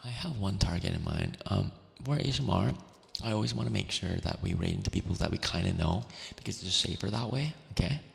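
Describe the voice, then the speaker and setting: Deep gravelly man, soft ASMR whisper. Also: fast talker, big-room sound, slight background noise. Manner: gentle, affectionate, laughs often, slips between whisper and soft voice. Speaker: ASMR streamer. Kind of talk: ASMR stream wrap-up, soft whispered affirmations.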